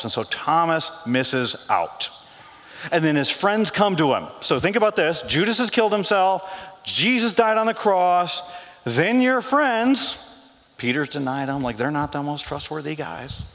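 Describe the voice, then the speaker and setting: Animated pastor in a reverberant church. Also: male voice. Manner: animated and joking, voice dropping low for quoted lines. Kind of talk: sermon. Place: church sanctuary. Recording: long hall reverb.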